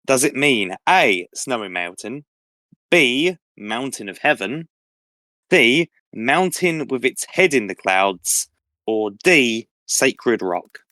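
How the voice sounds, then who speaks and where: A man's voice: medium pitch, very animated, takes it slowly, sharp tone, dry recording. A young man hosting a casual quiz, reading out questions and options with frequent laughs. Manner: reads questions and options aloud, laughs often. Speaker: quiz host.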